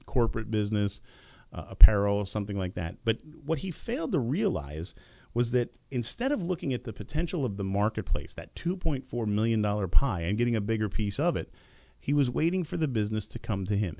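A middle-aged male radio host with a gravelly, creaky voice lays out his business advice in an emphatic, lecturing way. His voice sits in the middle range, and the recording is dry and close, with almost no room sound. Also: medium pitch, mellow, dry recording. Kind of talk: business talk radio monologue.

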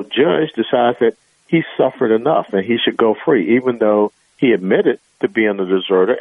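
A man's voice: medium pitch, dry recording. Emphatic man on a tinny phone line. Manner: emphatic, argumentative, filler-heavy. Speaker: radio show guest. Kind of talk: radio talk show interview.

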